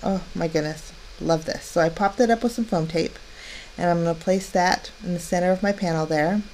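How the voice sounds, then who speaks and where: A middle-aged woman with a slightly low voice walks through a card-making tutorial step by step. She sounds chatty and cheerful, with easy fillers between steps. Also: fairly quick, a little mellow, slight background noise. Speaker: crafting channel host. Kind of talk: step-by-step craft tutorial voice-over.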